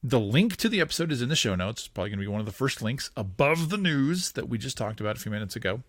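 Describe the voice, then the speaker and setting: Giggly, lively male podcast host. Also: medium pitch, racing, dry recording. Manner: giggly, excitable narration of on-screen action. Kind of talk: casual play-by-play commentary on a cartoon.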